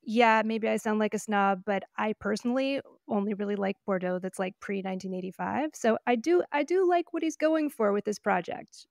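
A woman's voice: mid-range voice, a little fast, gravelly, few pauses, no echo, clean studio sound. A woman co-hosting a wine podcast, chatting in an opinionated, casual way with frequent fillers and laughs. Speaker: podcast co-host. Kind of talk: casual chat. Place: living in Oregon.

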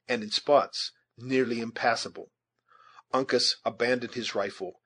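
A man reading a novel aloud in a steady, measured narration. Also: mid-range voice, slightly rough. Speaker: audiobook reader. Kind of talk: scripted narration.

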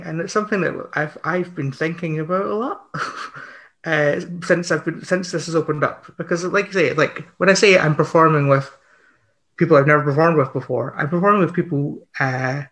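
Excitable man with a higher voice. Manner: excitable, halting, many fillers and restarts. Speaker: panelist. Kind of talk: online panel discussion.

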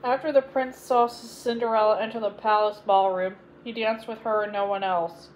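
A woman reading a children's fairy tale aloud as a bedtime story, in a gentle, clear read-aloud manner. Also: mid-range voice, steady tone, normal speed, a little hiss or hum, poor audio. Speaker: storybook reader.

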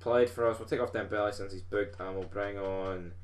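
A young Scottish man with a lowish voice talks a little fast as he gives live, expletive-laden gameplay commentary. As a gaming video host, he's rowdy and excitable, like a football fan.

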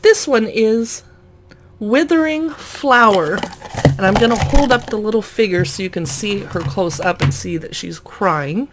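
A woman's voice: medium pitch, animated, a little slow, background noise. A woman casually narrating a toy unboxing, chatty and amused, often laughing at the items.

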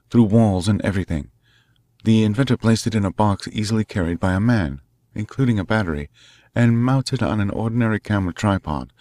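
A man voicing a resourceful male detective, calling out urgently and excitedly. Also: lowish voice, dry recording, close to an everyday voice.

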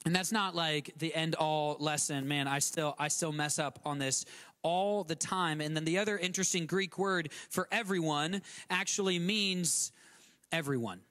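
A man's voice: normal speed, a bit bright. A male guest pastor, preaching a conversational sermon with many restarts, repeated words and acted-out quotes. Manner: acts out quotes with sudden shifts in pitch.

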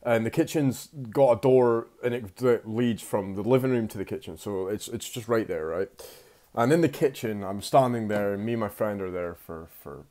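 A man's voice: lowish voice, normal speed, mellow. A young man casually telling a personal story, rambling and laid-back, with plenty of slang and swearing.

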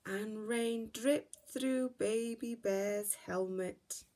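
A woman teacher reading a picture book aloud for story time, slow, gentle and expressive. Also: fairly high pitch.

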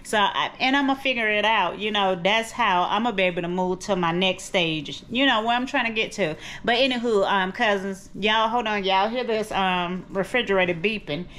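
A woman's voice: medium pitch, normal speed, hardly any pauses, fairly bright tone. A middle-aged woman vlogging in her kitchen at home, rambling and chatty, calling her viewers cousins. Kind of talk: casual chat to camera.

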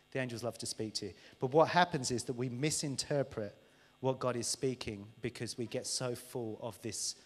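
A man preaching a live sermon in a church, candid and conversational, who acts out lines in an overexcited voice. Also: medium pitch. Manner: animated, acts out dialogues with a mocking overexcited voice. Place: large church hall. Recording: church hall reverb, live stream.

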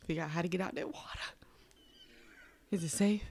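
A young woman, a movie reaction host who chats excitedly and keeps calling her viewers y'all. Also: on the low side, a little fast, long pauses. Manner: exclamatory, addresses viewers as y'all. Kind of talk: excited casual reaction chat. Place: home room.

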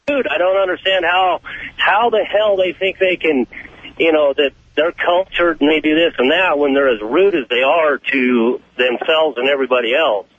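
A man's voice: fairly high pitch, normal speed, fairly bright tone, no echo. A man from Oregon, a former long-haul trucker, calling into a radio show with a blunt, indignant rant. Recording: tinny phone line.

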